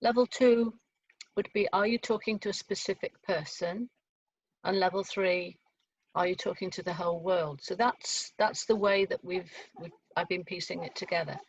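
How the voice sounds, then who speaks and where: A woman's voice: fairly low pitch, steady tone, moderate pace, husky. A woman, leading a choir rehearsal over a video call and explaining things step by step with plenty of fillers. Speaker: choir leader. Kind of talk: online choir rehearsal teaching. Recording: dull lo-fi video call audio.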